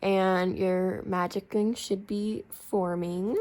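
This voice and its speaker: A young woman walks viewers through a craft project step by step in a casual, chatty home tutorial. Her voice sits at a middle pitch and has a slight roughness. She apologizes easily and keeps up a friendly running commentary as she works. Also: little pitch movement, slow pace, darkish tone. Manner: chatty and apologetic, talks through each step while working. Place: indoors at home, warm room.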